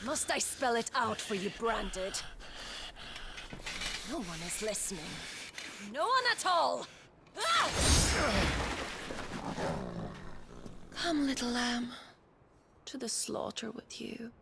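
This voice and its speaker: An actress playing a seductive, scornful female villain in a video game, with a breathy, sultry delivery and slow, taunting lines. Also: on the high side, very animated, heavy background noise, full character voice. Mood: menacing.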